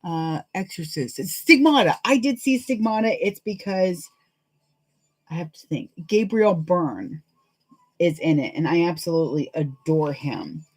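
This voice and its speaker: Casting: a chatty woman with a slightly low voice, rambling and laughing often as she sews live. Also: lively intonation, unhurried, a little mellow, low-quality recording. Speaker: sewing livestream host. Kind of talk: casual chat while sewing live.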